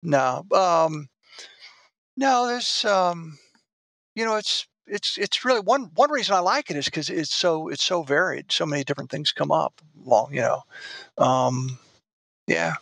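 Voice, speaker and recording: A man's voice: on the high side, lively intonation, measured pace, vocal fry, a bit bright, no echo. A middle-aged man, a former DEA agent turned private investigator, being interviewed in a rambling, casual way with frequent restarts. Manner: rambling, restarts often, laughs easily.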